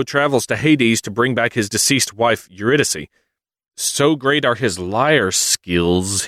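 A man co-hosting a podcast, retelling myths in a casual, animated and often laughing way. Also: medium pitch, no echo, clean studio sound. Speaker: podcast co-host. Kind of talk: casual storytelling chat.

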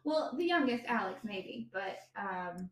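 A woman's voice: mid-range voice, animated, measured pace. Rambling young woman in a roomy space. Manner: rambling, many ums, giggly. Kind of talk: casual chat. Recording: roomy sound with faint ambience.

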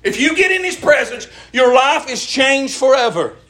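A middle-aged man preaching a sermon, folksy and impassioned, calling for the congregation's answers and rising to shouts. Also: very high-pitched, expressive, moderate pace, echoey room. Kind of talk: sermon with call and response. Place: church.

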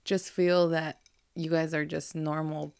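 A woman co-hosting a podcast, chatting casually with a lowish voice. She is upbeat, giggly and encouraging toward her co-host. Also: level tone, unhurried, creaky, a little mellow, clear, resonant tone. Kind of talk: casual chat.

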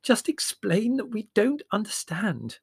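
A man voicing a flustered, proper English mother who speaks breathlessly and squeaks. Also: wildly swooping pitch, fairly quick, creaky, breathy edge, dry recording, studio quality, full character voice. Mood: soothing.

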